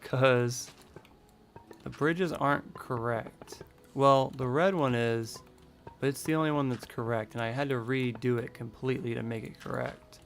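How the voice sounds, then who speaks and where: A man's voice: mid-range voice, a little slow, gravelly, soft background music. A man live-streaming a building game, thinking aloud in a rambling, casual way.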